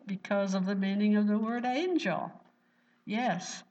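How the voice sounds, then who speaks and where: A woman preacher works through scripture in a mid-pitched voice, breaking in with bursts of praise and asking her listeners questions. She sounds fervent and earnest. The recording is dull and lo-fi. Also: a little slow, a little mellow, recorded from a distance. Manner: fervent, exclaims "Praise the Lord" and "Hallelujah" often; asks the listeners rhetorical questions. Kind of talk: Bible-teaching sermon.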